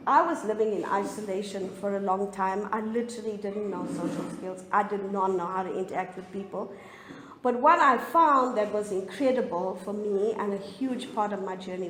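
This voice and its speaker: A middle-aged woman telling her recovery story as a personal testimony, candid and often halting with emotion. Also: mid-range voice, a little hiss or hum. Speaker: speaker sharing a recovery story. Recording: echoey room, faint ambience.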